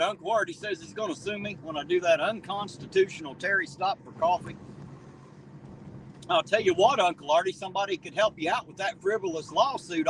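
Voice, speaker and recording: Out on a town street after the rain at night, a man runs a casual live stream, reading chat, joking, and greeting viewers by name. His voice sits high and is a bit bright. Faint street noise is audible, and the mic is slightly distant.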